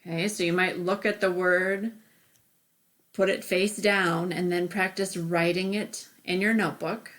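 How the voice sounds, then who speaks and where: A woman's voice: on the low side, steady tone, unhurried, fairly bright tone. A woman teacher giving a remote phonics lesson, patient and step by step, often saying okay.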